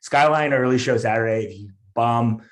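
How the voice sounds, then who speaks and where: Animated male comedian telling a story. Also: medium pitch, normal speed. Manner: animated, lots of fillers and restarts. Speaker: comedian guest. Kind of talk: casual podcast storytelling.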